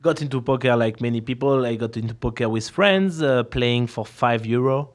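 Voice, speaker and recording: A man's voice: medium pitch, moderate pace. A man from France with a French accent, a poker guest chatting casually, often laughing and repeating words as he restarts. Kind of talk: casual chat.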